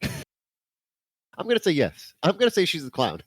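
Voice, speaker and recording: A man's voice: sits high, unhurried, breathy edge, dry recording. A man co-hosting a movie podcast, casually riffing and tossing out jokes. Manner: joking, riffing with deadpan gags. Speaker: podcast co-host.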